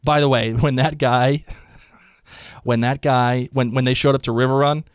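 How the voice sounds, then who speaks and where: Podcast co-host, male, mid-pitched, animated and chatty, dry close sound. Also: measured pace, clear, resonant tone, no room sound. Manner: animated, quotes characters in put-on voices. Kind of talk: casual chat about a TV episode.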